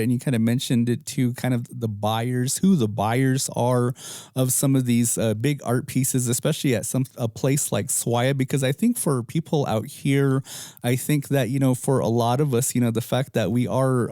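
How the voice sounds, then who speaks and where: A man's voice: mid-range voice, dark tone, no echo, studio quality. A man co-hosting a podcast, asking rambling questions in a casual, hesitant way with many fillers. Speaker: podcast co-host.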